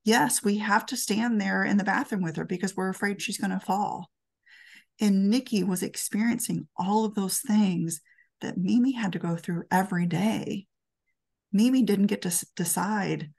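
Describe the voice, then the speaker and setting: A woman's voice: medium pitch, moderate pace, gravelly, husky. A woman speaking at a talk, telling an earnest, emotional story from her work in long-term care.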